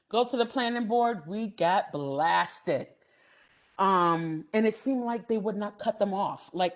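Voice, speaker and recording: Middle-aged woman telling a work story to a class, lots of ums, laughs a bunch, animated. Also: on the low side. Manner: animated, laughs often, many "um" fillers. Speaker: housing development speaker. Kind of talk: storytelling lecture.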